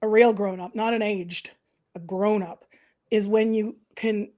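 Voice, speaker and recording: In an unhurried, medium-pitched voice, a middle-aged woman from the Canadian prairies hosts a casual talk. She's animated, acting out the little voices she quotes.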